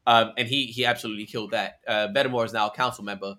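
A man's voice: mid-range voice, rapid-fire, hardly any pauses, bright, forceful tone. A man who makes online content, talking casually and rambling with lots of fillers. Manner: rambling, filler-heavy, says "like" often. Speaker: content creator. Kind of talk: casual chat.

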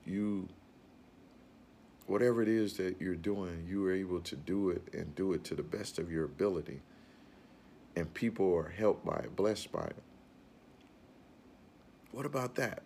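Deep-voiced man giving a motivational talk. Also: a little mellow, slight background noise. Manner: earnest, rambling, repeats phrases.

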